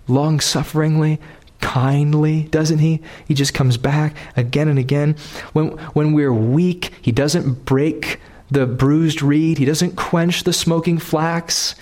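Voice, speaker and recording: A man preaching a sermon, pleading and repeating phrases for emphasis, rising to impassioned emphasis and settling into quiet prayer. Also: on the high side.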